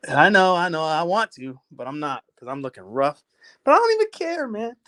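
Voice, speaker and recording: A man's voice: high-pitched, big pitch swings, brisk, bright, forceful tone, no echo. Middle-aged guy rambling on a phone stream, swoops up and down a lot, dry close sound, swears and laughs. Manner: loose, profane, laughing and rambling. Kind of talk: casual live stream chat. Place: walking around his house.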